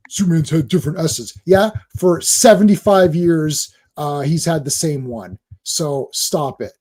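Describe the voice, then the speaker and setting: A man hosting a live stream, ranting and swearing, dropping into quick impressions of other people. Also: fairly high pitch, lively intonation, darkish tone. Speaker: host.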